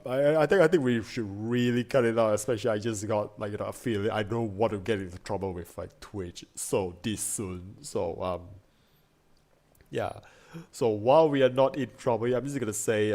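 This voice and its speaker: Rambling young male streamer, low voice. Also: normal speed, darkish tone. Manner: rambling, many fillers and restarts, frequent laughs. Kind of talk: casual stream chat.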